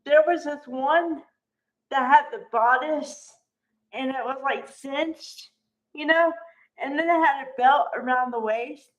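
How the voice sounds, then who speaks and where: Chatty high-voiced woman recapping a soap. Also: slow, poor audio. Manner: chatty, animated, acts out quotes. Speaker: soap opera fan recapping an episode. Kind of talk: casual recap chat.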